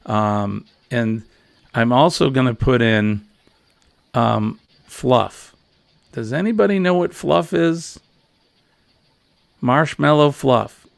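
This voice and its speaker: A man's voice: mid-range voice, slow pace, gravelly, pauses often, no echo. A middle-aged man hosting a casual morning chat show, rambling and jokey. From New England. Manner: rambling, jokey, easily amused. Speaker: host.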